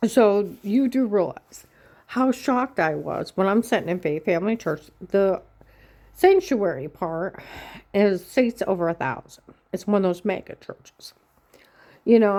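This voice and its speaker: A woman vlogging in a rambling personal monologue, telling a long story plainly and slowly and often checking in with "Okay?". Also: medium pitch, a little mellow.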